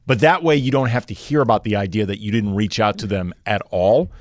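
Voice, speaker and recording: A man co-hosting a podcast, giving calm, wry advice in casual chat. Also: on the low side, fairly quick, no room sound, studio quality. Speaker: podcast co-host.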